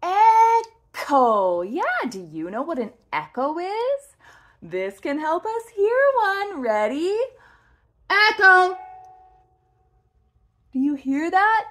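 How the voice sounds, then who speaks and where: A young woman teaching toddlers to talk, over-articulating each word and pausing for the child to repeat. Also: sits high, very animated. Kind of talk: slow, exaggerated speech lesson for toddlers.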